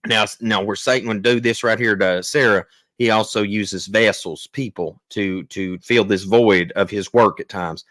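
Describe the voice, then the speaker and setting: Male host, low voice, dry close sound; reads scripture, then chats through it casually. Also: steady tone, normal speed, a bit bright, dry recording. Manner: plain conversational delivery with fillers and restarts between readings. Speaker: channel host teaching on scripture. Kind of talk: reading scripture aloud with casual commentary.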